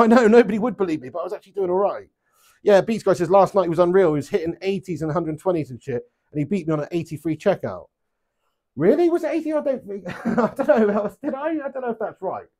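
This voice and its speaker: High-pitched and sing-song, talking quickly in a darkish tone, a man throws darts on a live stream at his home setup. He reads chat messages out, jokes with viewers, swears freely and laughs a lot.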